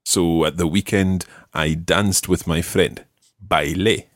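A man's voice: sits low, steady tone, slow, dry recording, clean studio sound. A man teaching Spanish one to one, patient, repeating each word for his student. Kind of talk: one-to-one language lesson.

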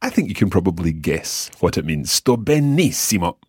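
A man hosting a language lesson, patiently explaining and modelling words slowly for the listener to repeat. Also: low voice, very animated, darkish tone, husky, no echo, studio quality. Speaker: language teacher and host.

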